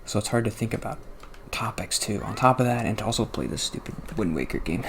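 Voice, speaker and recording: A man hosting casual gameplay commentary, talking in a hushed, half-whispered, self-conscious way close to the mic in his apartment. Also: lowish voice, lively intonation, fairly quick, vocal fry, a little hiss or hum. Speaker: let's play host. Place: apartment room.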